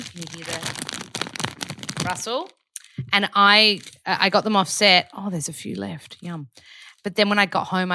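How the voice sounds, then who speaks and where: A woman with a naturally very low register, hosting a podcast in a chatty, rambling diary-style check-in full of fillers. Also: bright, forceful tone, no room sound, clean studio sound. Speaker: podcast host. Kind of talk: casual diary-style chat.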